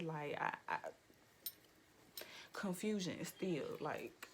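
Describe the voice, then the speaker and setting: A young woman vlogger telling a profane, animated story-time rant with lots of "like" fillers, jumping into high, loud quoted lines. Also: slow, a little hiss or hum. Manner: acts out quotes in sudden high, loud bursts.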